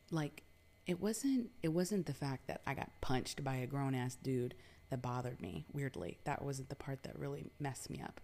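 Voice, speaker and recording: Very low-voiced woman from new york, chatty storytelling, lots of "like", swears. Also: vocal fry, dark tone. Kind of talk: casual personal storytelling.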